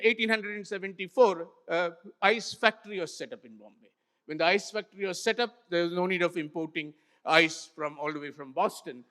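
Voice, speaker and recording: An older man with an Indian English accent giving an illustrated talk to a festival audience, unhurried, with frequent pauses and fillers. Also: high voice, bright, forceful tone. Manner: unhurried, many pauses and fillers, points at slides. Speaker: festival speaker. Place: large hall with an audience. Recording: hall reverb from a stage mic.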